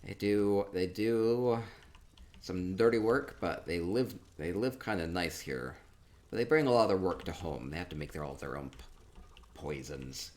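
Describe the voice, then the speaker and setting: A man chatting casually through a tour of a game, upbeat and quick to repeat himself, with soft laughs between remarks. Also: low voice. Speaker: gaming streamer touring player-built homes. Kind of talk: casual gameplay commentary.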